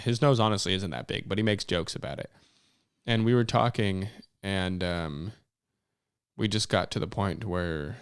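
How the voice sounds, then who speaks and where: Gravelly, low-voiced man. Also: no echo, clean studio sound. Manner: blunt, teasing banter. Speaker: podcast host. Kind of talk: casual chat.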